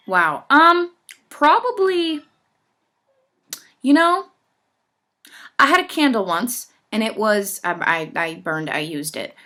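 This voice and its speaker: A woman's voice: medium pitch, big pitch swings, normal speed, pushed and bright. A woman singer answering fan questions in a casual chat, effusive and enthusiastic.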